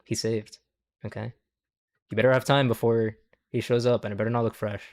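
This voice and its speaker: Reacting to clips on his livestream, a young man talks fairly quickly in a medium-pitched, flat voice. His commentary is loose and profane; he rambles, repeatedly caps lines with "okay?", and laughs at his own jokes.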